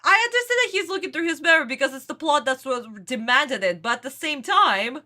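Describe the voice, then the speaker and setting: Woman, reaction host, casual commentary, exasperated, bright voice, swooping pitch. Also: lively intonation, fairly quick. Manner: exasperated, rants and laughs at the show.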